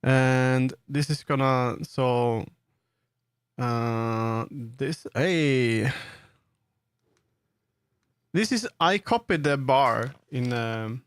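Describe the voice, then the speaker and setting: A man's voice: mid-range voice, drawn-out words, pauses often, clean tone, dry recording, studio quality. A man with a Swedish accent, streaming and chatting casually as he builds in 3D, rambling with many fillers and restarts. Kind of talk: casual live-stream commentary while working in 3D.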